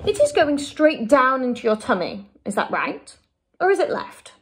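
A huge, friendly giant booms out his muddled words with loud, swinging emphasis, as an English woman puts him on for a storybook reading. His lines leap up and down in pitch with lots of drama. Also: huge pitch swings, moderate pace, husky, exaggerated voice. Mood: explaining. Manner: booming, emphatic, garbled grammar.

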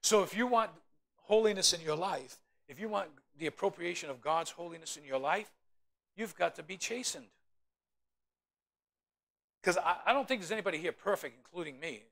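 A man, a pastor, preaching a sermon in an animated way with humorous asides to the congregation. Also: high voice, moderate pace, vocal fry, pauses often.

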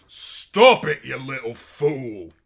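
A man voicing a huge, quick-tempered outlaw who barks his lines. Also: medium pitch, very animated, creaky, fairly bright tone, pitched above the performer's own voice, exaggerated voice. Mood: angry shouting.

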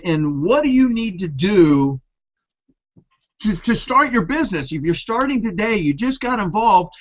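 A man's voice: high voice, fairly bright tone. Coaching man on muffled video call. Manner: coaching, fires off rhetorical questions. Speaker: host of online business training. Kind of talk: motivational webinar talk.

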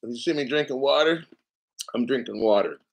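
A man hosting a casual crypto livestream, a little out of breath, talking loudly and profanely and swinging between mumbled asides and shouting. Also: mid-range voice, a little fast, creaky. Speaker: crypto show host.

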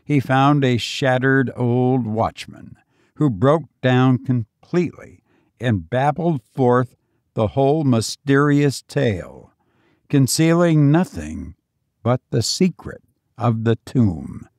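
A man reads a vintage story aloud in a measured, solemn way. His pace is slow and deliberate, and his voice sits in a middle range. The recording is dry and close. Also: mid-range voice, expressive, darkish tone, dry recording. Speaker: audiobook narrator. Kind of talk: scripted narration of a vintage story.

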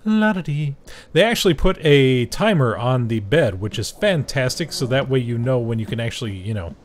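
A young man casually commenting on his own gameplay, joking, talking to the game's characters and yelling when startled. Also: mid-range voice, expressive, brisk. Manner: chatty, jokey, talks to the game's characters; reacts loudly and shrieks when startled. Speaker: gaming video host. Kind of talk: casual let's-play commentary.

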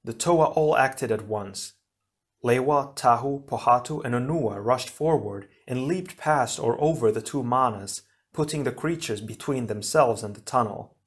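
A man narrating an action storybook in a steady, even reading voice. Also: medium pitch, a little slow. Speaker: audiobook reader.

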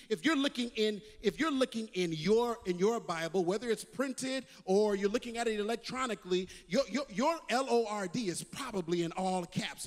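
High, gravelly preacher man in a hall. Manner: preaching with swings from loud calls to hushed quotes; repeats words as he builds. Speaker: pastor. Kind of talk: sermon.

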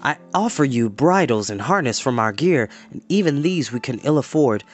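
A man's voice: medium pitch, lively intonation, normal speed, natural voice. A man reading aloud, voicing an earnest young male hero who speaks firmly and formally. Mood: resolute. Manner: firm, earnest, formal speech.

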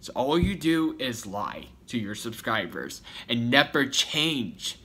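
Sharp-voiced man ranting on a vlog. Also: medium pitch, big pitch swings, slow pace, slightly rough. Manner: rambling, repetitive, confrontational. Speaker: YouTuber.

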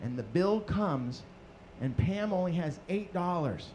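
A man's voice: sits high, expressive, measured pace, a little mellow, a little hiss or hum. A man, a father, telling an exasperated stand-up story. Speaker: stand-up comedian. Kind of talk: stand-up comedy.

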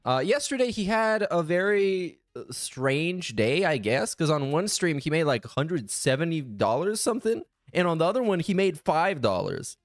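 A man's voice: a little high, very animated, moderate pace, few pauses, no echo, clean studio sound, soft background music. A man hosting a casual reaction commentary, sarcastic, profane and exasperated. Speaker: commentary channel host.

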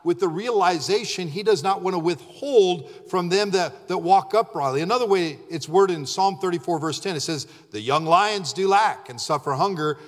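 A male pastor preaching a sermon with fervor, shouting out acted prayers and then dropping low and quiet. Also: animated, normal speed. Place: church sanctuary. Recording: long church reverb.

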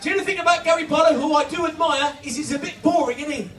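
A man doing live stand-up comedy, loud and punchy, shouting to reach the crowd. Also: extremely high pitch, racing. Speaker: comedian and impressionist. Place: holiday park entertainment stage. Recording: echoey room, from far off, music and crowd.

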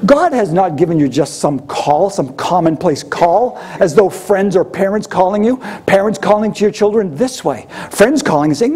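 Guy preaching a sermon, kinda high voice but mellow and husky, chatty, acts out quotes. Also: animated, normal speed.

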